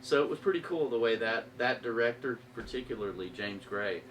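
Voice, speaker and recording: A man from Arkansas, an actor, talking casually and telling stories in animated bursts. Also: medium pitch, a little fast, distant mic, slight background noise, poor audio. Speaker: actor, podcast guest. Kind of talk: casual chat.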